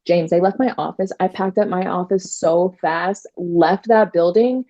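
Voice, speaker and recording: A woman attorney telling stories in a casual interview, animated, quoting herself and using many fillers. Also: on the low side, measured pace, lo-fi sound. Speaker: trademark attorney guest.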